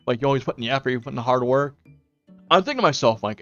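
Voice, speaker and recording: Racing along in an animated, medium-pitched voice, a young man streams from home and rambles casually to his audience. Fillers and quoted self-talk run throughout. Faint music sits beneath the dull sound of a lo-fi mic.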